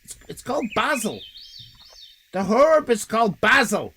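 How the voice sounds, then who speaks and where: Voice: medium pitch, big pitch swings, normal speed, pushed and bright, a little hiss or hum. An Irish live-stream host chatting casually with viewers, rambling and swearing in mock outrage. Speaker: livestream host.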